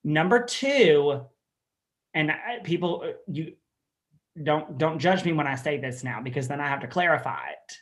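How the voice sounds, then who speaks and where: A man's voice: fairly high pitch, normal speed. Chatty man with a Southern accent. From Southern United States. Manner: chatty, animated, sassy. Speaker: host. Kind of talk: casual interview chat.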